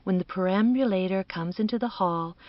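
A woman's voice: mid-range voice, fairly quick, muffled recording, natural voice. A woman voicing a jovial, affected middle-aged man with a droll, mock-theatrical manner.

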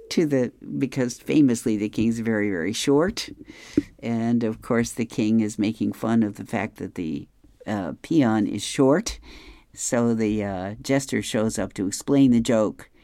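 Slow, dry man reading the comics. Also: lowish voice, mellow, no echo. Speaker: reader of advice column and comics. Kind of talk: reading newspaper comics aloud.

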